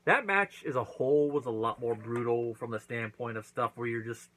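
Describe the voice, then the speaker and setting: A man's voice: medium pitch, normal speed, fairly bright tone, rough recording. Chatty man recapping a wrestling show. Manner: chatty recap with acted-out quotes. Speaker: wrestling reviewer. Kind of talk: casual review monologue.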